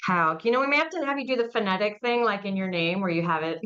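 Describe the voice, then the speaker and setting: A woman's voice: medium pitch, lively intonation, quick pace, a bit bright, muffled recording. A woman hosting an interview, talking casually and rambling with plenty of fillers. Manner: chatty, rambling, with many fillers. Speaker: podcast host and mortuary educator.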